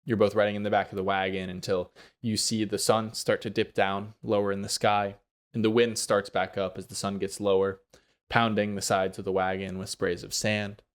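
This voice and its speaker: A man narrating a tabletop game as game master, relaxed and quick to laugh. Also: on the low side, clean tone.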